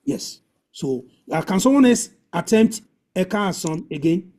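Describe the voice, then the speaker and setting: This man leads an online language lesson on a video call, coaching his students' pronunciation with repetitive drills. His high-pitched voice is expressive and unhurried, with a darkish tone.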